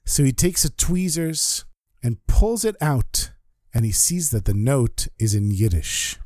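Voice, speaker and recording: A man narrating a story, earnest and animated. His voice is mellow and dark, average in pitch, recorded dry and close. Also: a little slow, no room sound. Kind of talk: spoken storytelling.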